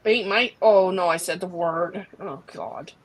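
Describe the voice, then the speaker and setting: A woman's voice: fairly low pitch, unhurried, a little hiss or hum, low-quality recording. A woman chatting casually as co-host on a live stream, in a self-deprecating way.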